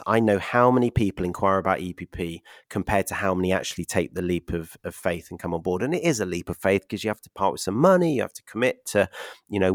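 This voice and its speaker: A man hosts a podcast with a lowish voice, upbeat and quick to laugh. He works through numbers step by step in a casual, encouraging way. The sound is dry and close. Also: no echo. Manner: upbeat, laughs often, explains figures step by step. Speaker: podcast host and property investment mentor.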